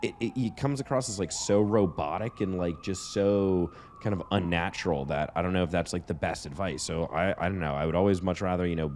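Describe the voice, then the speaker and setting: Low-voiced swearing podcast co-host. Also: male voice, brisk, hardly any pauses, slight background noise. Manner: profane, animated storytelling. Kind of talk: casual chat.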